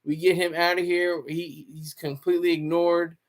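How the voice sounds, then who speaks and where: Man, high voice, livestream host, casual joking commentary, talks to chat. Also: flat delivery, normal speed.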